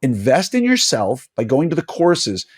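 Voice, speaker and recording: A man's voice: mid-range voice, wildly swooping pitch, moderate pace, husky. A middle-aged man hosting a casual interview podcast as an orthodontist, talking emphatically with frequent fillers and restarts.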